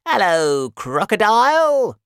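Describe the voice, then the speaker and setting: A woman voicing a cheeky monkey in a children's story, with a high, squeaky voice. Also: wildly swooping pitch, extremely slow, a bit bright, dry recording, studio quality, heavily acted. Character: cheeky quick male monkey in a tree.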